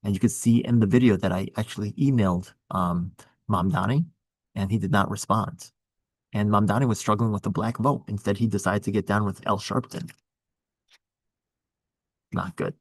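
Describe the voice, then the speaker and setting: A man's voice: lowish voice, fairly even intonation, moderate pace, long pauses, no room sound. A man running for office, talking through his campaign in a rambling, earnest way with many restarts. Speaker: political candidate. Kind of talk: casual political chat.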